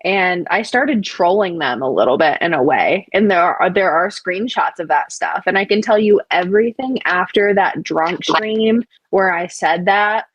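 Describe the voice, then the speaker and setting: A woman's voice: on the low side, lively intonation, a little slow, few pauses, no echo, lo-fi sound. A woman guest on a live stream, telling her side of a story in a blunt, casual way, swearing often and using many fillers. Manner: blunt and profane, with frequent fillers.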